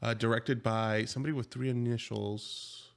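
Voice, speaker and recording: A man's voice: medium pitch, little pitch movement, normal speed, vocal fry. A man with an American accent, co-hosting a podcast in casual chat, joking and laid-back. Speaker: podcast co-host.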